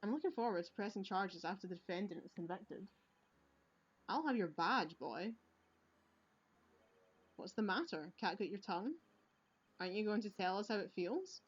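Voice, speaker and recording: A woman's voice: mid-range voice, expressive, moderate pace, pauses often, breathy edge. A woman voicing a smug, menacing older male police chief who gloats and laughs heartily, read aloud from a video game. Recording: lo-fi recording.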